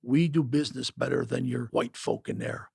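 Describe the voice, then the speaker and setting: A man with a deep gravelly voice voicing a smirking Jamaican street hustler with a Jamaican accent, sly and demanding. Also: moderate pace, a little mellow, no room sound, clean studio sound, exaggerated voice.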